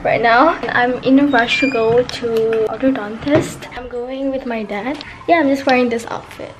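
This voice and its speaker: A woman with a Malaysian accent chatting casually to her vlog audience, excitable and talkative, mixing in Malay words. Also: on the high side, moderate pace, background noise. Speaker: vlogger.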